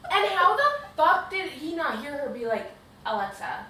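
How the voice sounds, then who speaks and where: A woman's voice: high voice, expressive, normal speed, sharp tone, echoey room, distant mic, a little hiss or hum, low-quality recording. A woman co-hosting a casual podcast recap, blunt and opinionated. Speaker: podcast co-host.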